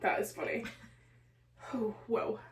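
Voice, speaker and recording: A woman's voice: slow, recorded from a distance, heavy background noise. A young woman co-hosting a podcast, chatty and playful, often laughing hard. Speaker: podcast co-host. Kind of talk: casual chat.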